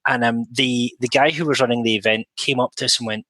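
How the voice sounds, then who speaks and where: A man's voice: medium pitch, steady tone, fast talker, bright, forceful tone, no room sound, low-quality recording. A man with a West of Scotland accent, a podcast co-host and interpreter, talking things through in a reflective way and telling anecdotes with wry asides. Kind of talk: casual podcast chat.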